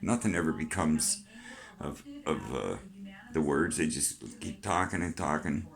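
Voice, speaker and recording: Older canadian guy, real low voice, chatty and rough-talking, rambling vlog. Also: lively intonation, measured pace. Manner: chatty, swears, plain-spoken life advice. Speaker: vlogger. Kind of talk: rambling monologue.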